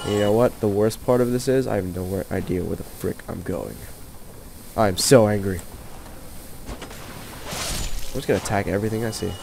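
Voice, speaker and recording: Man, sick, low voice, annoyed game commentary, trash talk, noisy background. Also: normal speed, vocal fry, long pauses. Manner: exasperated, trash-talks enemies, keeps voice down. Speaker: let's play commentator. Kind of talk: gameplay commentary.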